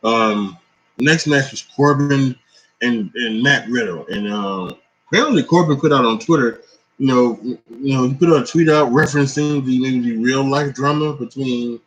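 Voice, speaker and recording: Tired man, mid-pitch voice, rambling casual wrestling reaction full of fillers and restarts. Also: normal speed, low-quality recording. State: tired, yawning. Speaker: wrestling commentator.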